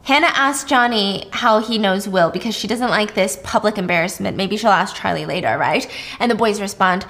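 A woman casually retelling a thriller's plot, animated and chatty, with frequent asides and the odd swear word. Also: mid-range voice, normal speed, few pauses. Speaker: storyteller host. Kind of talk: casual storytime recap of a thriller.

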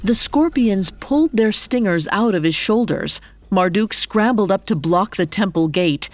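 A woman narrating a mythological story in a calm, measured scripted style. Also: mid-range voice, no echo.

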